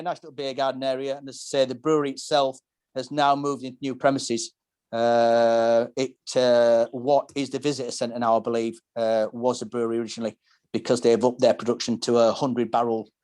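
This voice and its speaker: A man's voice: medium pitch, steady tone, a little fast, darkish tone. A man hosting a casual podcast, telling long descriptive stories with many restarts. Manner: rambling, descriptive storytelling with frequent restarts. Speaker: podcast host. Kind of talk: casual pub-talk podcast.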